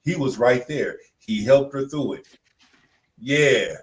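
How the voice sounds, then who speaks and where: A man's voice: medium pitch, slow pace, low-quality recording. A man co-hosting a podcast in casual chat, blunt and emphatic, repeating phrases for punch. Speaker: podcast co-host.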